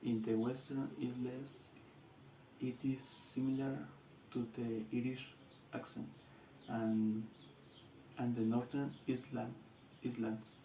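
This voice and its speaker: A man with a Latin American Spanish accent, a student giving a class presentation in halting English with restarts. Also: medium pitch, level tone, mellow, roomy sound, a little hiss or hum, low-quality recording.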